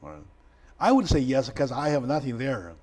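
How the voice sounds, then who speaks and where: A man hosting a discussion show, telling stories with emotional, excitable bursts and repeating words for emphasis. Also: moderate pace. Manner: animated, emotional retelling with sudden loud raised pitch; non-native phrasing, repeats words for emphasis. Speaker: talk show host.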